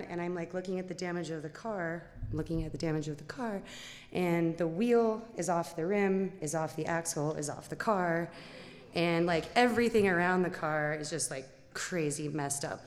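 Young woman storyteller on a stage, animated and chatty, with a lowish voice and long hall reverb. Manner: animated, lots of "like" and "um", acts out quotes. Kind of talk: live storytelling to an audience. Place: stage before an audience.

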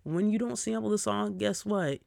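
A man's voice: high-pitched, moderate pace, creaky, no room sound. A man hosting a casual solo podcast, ranting and telling stories with lots of swearing while he gets over a cold. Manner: profane, animated storyteller. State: recovering from a cold. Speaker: podcast host.

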